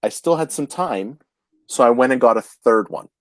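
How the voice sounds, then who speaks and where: A man, telling a casual anecdote in a chatty, animated way with frequent restarts. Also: mid-range voice, moderate pace, dry recording. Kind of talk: casual storytelling chat.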